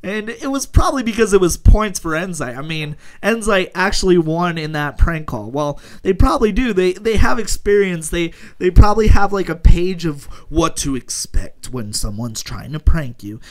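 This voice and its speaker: A young gaming YouTuber rambles casually over gameplay, joking and laughing often. His voice sits high with lively intonation, and he talks at normal speed with few pauses.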